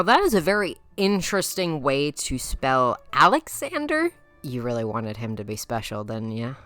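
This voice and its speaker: A woman's voice: extremely low pitch, fairly bright tone. A young woman with a Midwestern accent doing playful, teasing roast commentary as a YouTuber, laughing often. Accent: Midwestern American.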